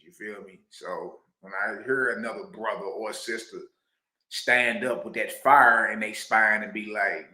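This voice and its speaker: A man hosting a reaction video, talking loudly and excitedly, laughing often and dropping preacher-style asides. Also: medium pitch, unhurried, echoey room. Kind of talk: animated commentary reacting to a clip.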